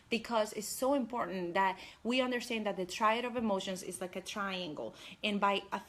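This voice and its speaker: A young woman life coach giving an energetic, chatty motivational talk on a live stream, speaking straight to her viewers. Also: mid-range voice.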